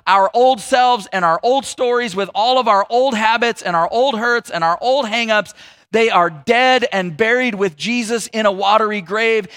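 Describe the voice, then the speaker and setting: A man with a high voice preaches a sermon from the pulpit. He builds through repeated, rising phrases, then drops quiet and low. The sound is close and dry. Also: no room sound. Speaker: pastor.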